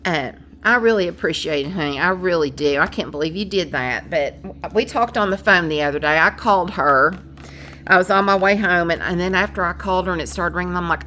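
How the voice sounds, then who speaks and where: Loud brash woman vlogging. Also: on the low side, a little fast, a little hiss or hum. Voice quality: loud, brash, laughs often. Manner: rambling, animated, frequent fillers. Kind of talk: casual chatty vlog.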